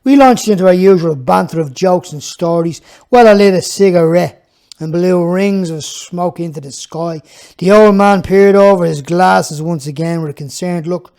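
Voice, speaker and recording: A man's voice: high voice, normal speed, darkish tone. A man reading his own book aloud, telling the story in a plainspoken, reflective way. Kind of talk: audiobook narration.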